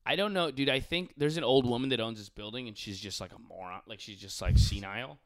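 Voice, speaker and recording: A man's voice: mid-range voice, fast. A young man on a podcast, chatting casually and animatedly, swearing often and saying "dude" a lot.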